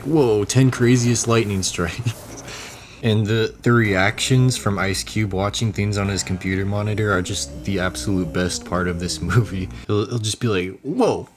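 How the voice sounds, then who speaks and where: A young man with a somewhat low voice talks through a movie review in a loose, rambling way. He chuckles often and mocks what he describes in a sarcastic, casual tone. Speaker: YouTuber reviewing a movie while sculpting.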